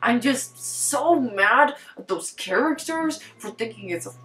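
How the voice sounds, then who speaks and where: A woman giving a casual book review at home, excitable and rambling, with lots of "like" fillers. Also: a little high, a little slow, roomy sound. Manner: excitable and rambling, heavy use of "like". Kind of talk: casual book talk vlog. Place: top-floor apartment at home.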